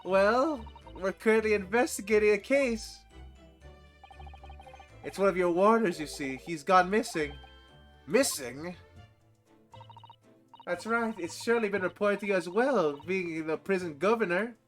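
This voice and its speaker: A man's voice: high voice, measured pace, pauses often, soft background music. A man voicing a polite, formal young Japanese woman, reading game dialogue aloud.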